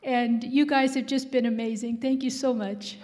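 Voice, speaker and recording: A woman's voice: a little high, steady tone, moderate pace, heavy background noise. A woman wrapping up her talk at a live event and thanking the audience. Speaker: previous speaker.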